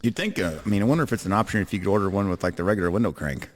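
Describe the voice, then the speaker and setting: A man's voice: fairly low pitch, lively intonation, very fast. A man who runs a truck repair shop, telling profane stories in a casual podcast chat. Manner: profane, laughing storyteller. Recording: long hall reverb.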